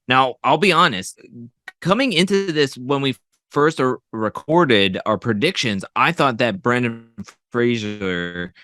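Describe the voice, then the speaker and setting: A man with a medium-pitched, fairly bright voice is a guest co-host on a podcast, casually sharing his movie opinions. He sounds hesitant, with many fillers and restarts. The studio sound is clean, with no echo.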